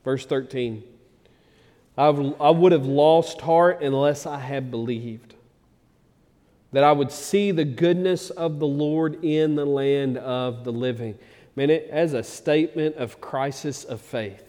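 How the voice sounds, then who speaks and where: A man preaching a sermon as pastor, moving from loud emphatic passages to low quiet ones. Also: a little slow, big-room sound. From Arkansas, USA.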